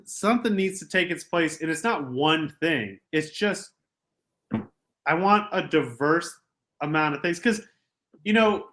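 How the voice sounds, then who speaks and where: A young adult man co-hosting a podcast, ranting in casual sports banter and swinging from quiet asides to loud outbursts. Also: on the high side. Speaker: podcast co-host.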